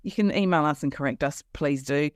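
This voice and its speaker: A woman's voice: low voice, fairly quick, no echo, studio quality. A woman from New Zealand with a New Zealand accent, co-hosting a podcast in casual chat and laughing often. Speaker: podcast co-host.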